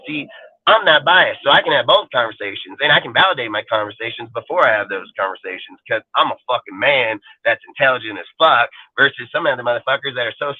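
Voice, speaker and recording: A man's voice: on the high side, dry recording. A sports talk show host, a man, ranting in an aggressive, profane and defiant way during a live show. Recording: tinny phone-like dry line.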